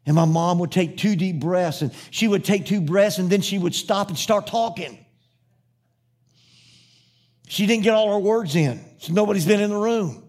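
Preaching at a moderate pace, this man has a high-sitting, faintly mellow voice. As pastor, he delivers an impassioned sermon built on rhythmic repetition, moving from fervent refrains to homespun personal anecdotes.

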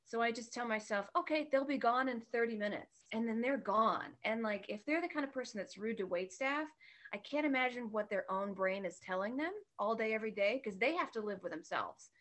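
A woman's voice: fairly high pitch, brisk, fairly bright tone. A woman who works as a bartender, chatting casually as a podcast guest, telling stories candidly and laughing often.

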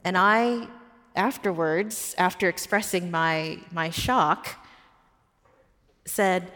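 A woman's voice: medium pitch, takes it slowly. A woman pastor telling personal stories in a sermon, earnest and heartfelt. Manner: personal storytelling, warm and earnest. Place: church. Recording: long hall reverb.

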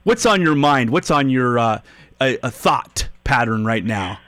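A man teaching the Bible on a call-in radio show, leaning hard on key words and repeating them. He speaks slowly in a middle-pitched voice. His studio microphone gives a close, dry sound. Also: lively intonation, fairly bright tone, no echo. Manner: emphatic, stresses and repeats key phrases.

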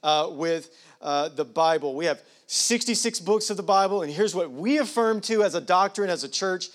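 A man's voice: sits high, expressive, moderate pace. A man preaching a sermon as pastor, talking casually with digressions and leaning hard on statistics. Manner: conversational, digressing, emphatic on numbers.

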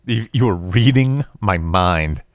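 A man with a fairly low voice co-hosts a relaxed film podcast, recorded dry and close to the mic. He talks bluntly, gives strong opinions and swears casually. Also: slow pace, no room sound. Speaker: podcast co-host.

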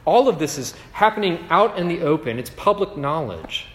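A man's voice: fairly high pitch, sing-song, moderate pace, a bit bright. A man preaching a sermon in a conversational way, often checking in with "right?". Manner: conversational, keeps asking "right?". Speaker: pastor. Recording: long hall reverb.

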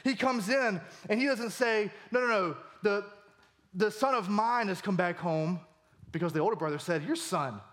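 A male pastor preaching a sermon with animated emphasis, his voice climbing for key points. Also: normal speed. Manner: animated, voice rising high for emphasis.

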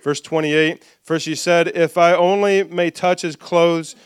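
A male pastor preaching with call-and-response, reading scripture aloud and dropping soft for asides. His voice sits fairly high and smooth, and the sound is dry and close. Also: a little slow, dry recording. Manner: lively, drops soft for asides. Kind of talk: sermon.

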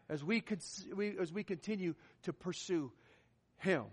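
A man's voice: sits high, measured pace, husky. A man preaching a sermon as pastor, with an emphatic delivery that swells and drops in volume. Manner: emphatic, rising and falling in volume. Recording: long hall reverb.

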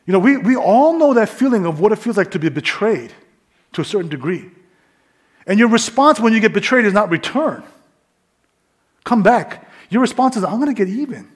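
A middle-aged man from New York tells his story as a sermon testimony, often dropping to quiet asides. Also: high voice, sing-song, moderate pace, long pauses, breathy edge.

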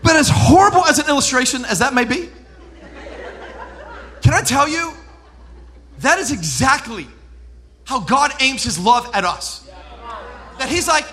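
A man in his thirties preaching a sermon as pastor, animated, swinging from loud preaching to hushed storytelling. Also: extremely high pitch, a little slow, long pauses.

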